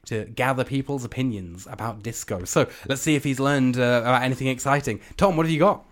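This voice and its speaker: A man hosting a comedy radio show, bantering with his guests and throwing in quick asides. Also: mid-range voice.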